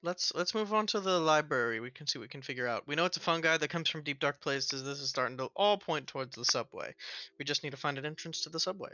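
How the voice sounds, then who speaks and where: A man's voice: fairly high pitch, expressive, quick pace, bright, forceful tone, no echo, highs cut off. A man playing a tabletop game, thinking aloud and steering the group decisively. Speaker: player.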